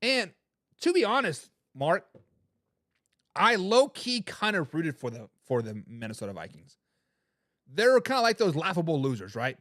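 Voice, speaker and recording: A man's voice: fairly high pitch, big pitch swings, normal speed, pauses often, a bit bright, no echo, studio quality. A man hosting a sports talk show, mocking and trash-talking fans in a rant while he reads live chat comments. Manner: mocking, trash-talking, repeats words when fired up.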